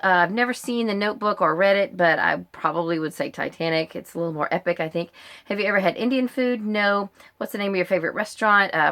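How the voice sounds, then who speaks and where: A woman's voice: mid-range voice, fairly bright tone. A middle-aged American woman casually answering a list of questions in her book vlog, chatty and rambling with frequent ums and uhs. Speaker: book vlogger.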